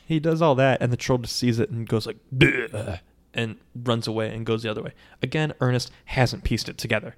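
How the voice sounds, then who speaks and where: Man, podcast co-host, casual chat, swears freely, lively storyteller, mid-pitched voice. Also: fast talker, few pauses. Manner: profane, animated storyteller. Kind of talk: casual chat retelling a film.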